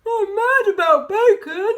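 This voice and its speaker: A woman reading aloud and voicing an excitable badger who gushes loudly. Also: extremely high pitch, unhurried, pitched above the performer's own voice. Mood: giddy. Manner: loud, gushing, giddy. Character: hungry, excitable adult badger.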